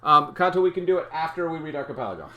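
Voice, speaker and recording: A man's voice: fairly high pitch, expressive, racing, highs cut off. A man co-hosting a family show, reading a picture book aloud with playful, theatrical emphasis and jokey banter.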